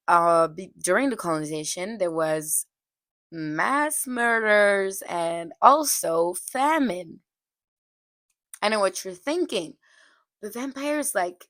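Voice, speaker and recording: A woman's voice: on the low side, a bit bright, no echo. A young woman giving a casual, chatty film review, full of "like" fillers. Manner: chatty, heavy use of "like" fillers, occasional laughs. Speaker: movie reviewer.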